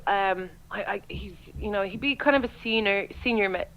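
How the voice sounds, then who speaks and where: A woman's voice: mid-range voice, fairly quick, highs cut off. A young Irish woman, a radio DJ, chatting as a guest and telling embarrassing stories, acting out her own lines with a lot of life. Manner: animated storyteller, acts out her own quotes. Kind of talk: casual chat, telling funny stories.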